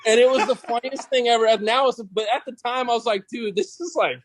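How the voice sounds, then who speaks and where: A man's voice: very high-pitched, steady tone, quick pace, dry recording. A man who plays golf professionally, telling a story as a podcast guest in a laid-back, casual way, full of "dude" and "bro". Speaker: podcast guest, pro golfer.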